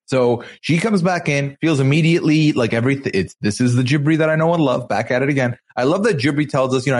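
Animated man hosting a recap chat. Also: medium pitch, quick pace, few pauses. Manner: animated storyteller, acts out quotes. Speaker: podcast host.

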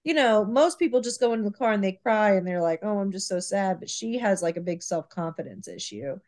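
A woman co-hosting a podcast in casual chat, emphatic and animated, often repeating herself as she makes her point. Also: mid-range voice, brisk. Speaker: podcast co-host.

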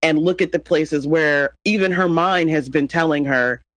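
High-voiced man chatting on a podcast. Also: normal speed, no echo, poor audio. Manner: animated, laughing, teasing. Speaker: podcast co-host. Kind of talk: casual podcast chat.

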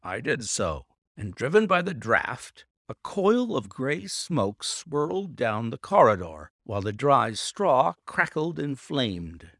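A man reading a classic detective story aloud in a measured, theatrical manner. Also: medium pitch, very animated, creaky, fairly bright tone, no room sound, clean studio sound. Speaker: audiobook reader. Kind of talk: scripted narration.

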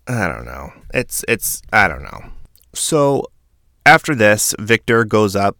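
Male recap host, casual and sarcastic, raspy fry, dry close sound. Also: on the low side, sing-song, takes it slowly, bright, forceful tone, no echo. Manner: sarcastic, exasperated commentary.

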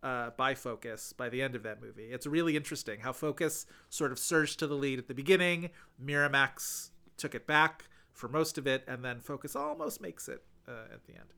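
Bright-voiced man hosting a podcast. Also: medium pitch, expressive, brisk, gravelly, few pauses. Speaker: podcast co-host. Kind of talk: casual film podcast chat.

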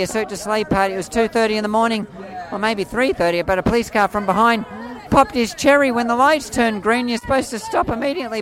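A man in his forties with an Australian accent and a high voice often mistaken for a woman's, rambling through stories in an animated, playful way. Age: 40s. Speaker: street performer jester. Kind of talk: casual storytelling interview. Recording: faint crowd outdoors.

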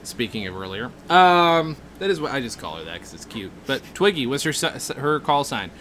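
A man's voice: medium pitch, big pitch swings, a little fast, a bit bright, a little hiss or hum. Joking man co-hosting a podcast. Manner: joking, trips over words and laughs. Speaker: podcast co-host. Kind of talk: casual comedy chat.

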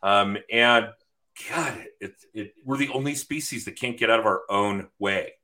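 A man's voice: on the low side, measured pace, sharp tone. A man hosting a podcast, talking frankly and swearing casually in loose chat. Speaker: podcast host.

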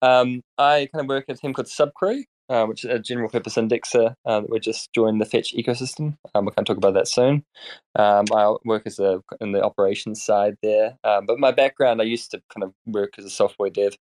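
A man's voice: lowish voice, fairly even intonation, brisk, darkish tone. A man with a New Zealand accent, a guest talking casually, mumbling and hesitant. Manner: mumbling, self-deprecating, hesitant. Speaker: guest, company executive. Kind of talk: casual chat.

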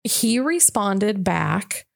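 A woman's voice: medium pitch, very slow, gravelly. A young woman telling a personal story in casual conversation, acting out the lines she quotes. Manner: animated, acts out her own quoted lines. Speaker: guest sharing a personal story.

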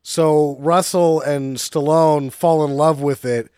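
A man's voice: fairly high pitch, fairly even intonation, slow pace, a little mellow, smooth, no room sound. Man, sarcastic, swears a lot, podcast movie recap, dry sound. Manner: sarcastic, swearing, mimics characters in silly voices. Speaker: podcast co-host. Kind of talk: casual movie-recap chat.

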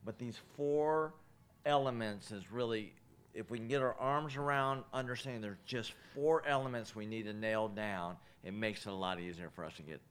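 A man's voice: lowish voice, moderate pace, fairly bright tone, clean tone. A man talking on a casual podcast as a marketing guest, earnest and repeating words as he explains.

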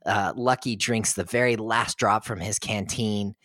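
A man's voice: fairly low pitch, unhurried, sharp tone, dry recording. Male podcast co-host, laid-back film recap with frequent chuckles, dry close sound. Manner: chuckles while retelling.

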